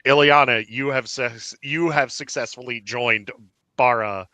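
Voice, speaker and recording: A man narrating as game master of a tabletop game, theatrical and fond of shouted sound effects. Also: medium pitch, unhurried, no echo.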